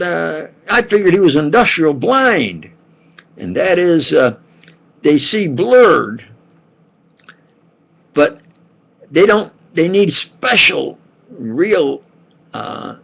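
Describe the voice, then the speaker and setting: Older male storyteller, gravelly and husky, lively pitch, meandering delivery, dull lo-fi home recording. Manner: meandering, many fillers and restarts. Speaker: vlogger. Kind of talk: rambling personal storytelling.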